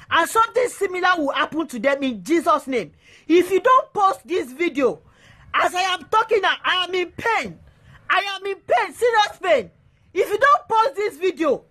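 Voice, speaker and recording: A woman with a Nigerian accent talks directly to camera in a high voice. She is emphatic and hammers the same phrases again and again as she makes her statement to her fans. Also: fairly bright tone. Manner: emphatic, repeats phrases over and over. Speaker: actress addressing her fans.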